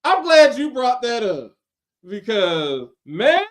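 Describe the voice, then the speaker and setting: High-voiced man hosting a laid-back podcast. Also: slow pace. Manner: animated, laughing, mimics voices in retellings. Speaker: podcast host. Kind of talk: casual wrestling podcast chat.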